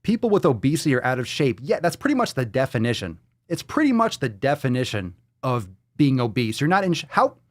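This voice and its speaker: A man hosting a live podcast, ranting in a profane, sarcastic, mocking way, jumping from loud outbursts to muttered asides. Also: medium pitch, big pitch swings, a little fast, hardly any pauses, no room sound. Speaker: podcast host. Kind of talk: live-stream podcast rant.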